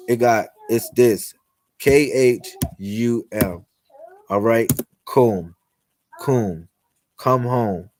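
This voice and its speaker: Low-voiced man preaching on a livestream. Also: a little mellow, slight background noise. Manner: preachy, repetitive, slangy street talk. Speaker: livestream host. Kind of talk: spiritual livestream monologue.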